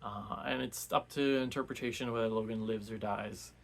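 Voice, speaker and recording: A man's voice: lowish voice, steady tone, moderate pace, creaky. A man giving a casual, rambling recap of a novel for a book club, full of restarts and fillers.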